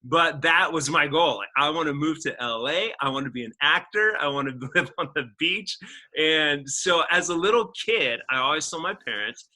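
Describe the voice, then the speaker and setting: A man in his forties, a guest actor, telling his life story in a casual interview, earnest and animated with frequent laughs and restarts. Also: a little high, moderate pace, low-quality recording. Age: 40s.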